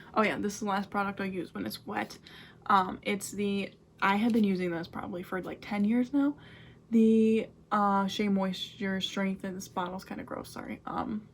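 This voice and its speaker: A woman's voice: mid-range voice, vocal fry, a little hiss or hum. A young woman casually reviewing hair products in a vlog, chatty and full of "like" and "um" fillers. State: out of breath. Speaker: beauty vlogger.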